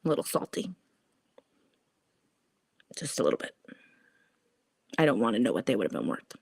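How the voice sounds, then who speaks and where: A woman's voice: very deep voice, moderate pace, creaky, slightly rough, no echo, studio quality. A woman hosting a casual stock trading livestream, profane and laughing at herself as she chats with viewers. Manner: profane, laughing, animated and self-mocking. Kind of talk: casual livestream chat reading viewer comments.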